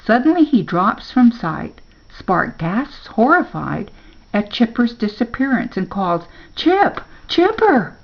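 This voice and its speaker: An older woman, a grandmother, reading a children's story aloud in a slow, gentle storybook manner. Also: medium pitch, sing-song, dull audio.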